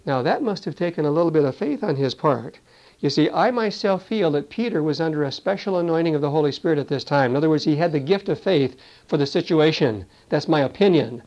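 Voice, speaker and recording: Higher-voiced man preaching, lo-fi. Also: lively intonation, fairly quick, darkish tone. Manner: conversational, peppers talk with "you see" and "you know". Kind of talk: Bible teaching sermon. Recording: dull lo-fi recording.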